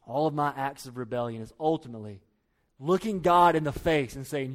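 A man preaching a sermon, emphatic, repeating key phrases and dropping to quiet low lines. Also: expressive, brisk. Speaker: pastor.

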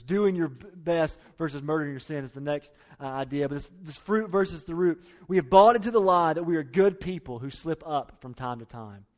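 A man preaching a sermon, emphatic, repeating key phrases and dropping to quiet low lines. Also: a little fast. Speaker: pastor.

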